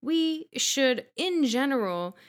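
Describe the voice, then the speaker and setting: A woman's voice: sits high, lively intonation, slow pace. A woman co-hosting a casual podcast over wine, talking frankly and rambling with some swearing. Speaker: podcast co-host.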